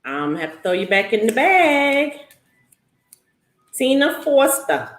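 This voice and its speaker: Goofy high-voiced woman hosting a livestream. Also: sing-song, a little fast, fairly bright tone, echoey room. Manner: playful and goofy, calls names out repeatedly. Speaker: host. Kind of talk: live-stream giveaway, casual chat.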